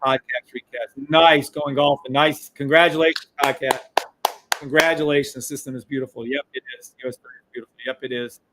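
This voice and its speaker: A middle-aged man streaming live trades, hyped up, yelling and swearing, repeating hype phrases over and over. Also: mid-range voice, fairly even intonation, moderate pace, slight background noise, poor audio. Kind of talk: live-stream trading commentary.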